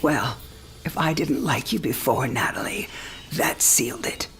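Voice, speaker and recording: A dying mother in her sixties with a low, dusky voice. She talks in a breathy, half-whispered way, teasing and frank. This is a video game cinematic. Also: lively intonation, a little slow, a bit bright, faint music behind, full character voice. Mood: tender. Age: 60s.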